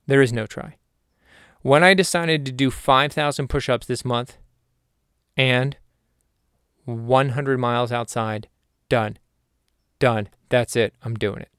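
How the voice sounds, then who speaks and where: A man's voice: medium pitch, clean tone, no echo, clean studio sound. A man hosting a solo podcast in a casual, jokey, rambling way. He is also a hypnotherapist and sometimes talks to himself.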